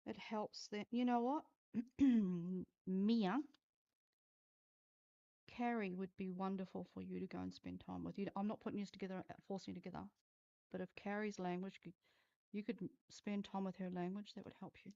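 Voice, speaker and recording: Woman, intuitive reader on a livestream; frank, foul-mouthed, warm low tone, muffled sound. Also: steady tone, normal speed, gravelly. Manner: blunt, swears freely, talks straight to viewers. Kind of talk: live-streamed psychic reading.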